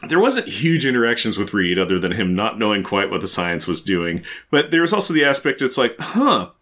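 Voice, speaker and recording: A man co-hosting a podcast in an easygoing, casual chat about comics. His voice sits fairly low, but it moves a lot as he acts out scenes he retells. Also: big pitch swings, brisk, fairly bright tone. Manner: easygoing, acts out quoted lines. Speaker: podcast co-host.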